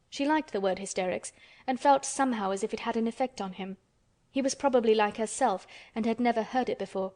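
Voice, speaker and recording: Woman narrator, steady measured read, slightly high voice, audiobook. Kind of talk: scripted narration.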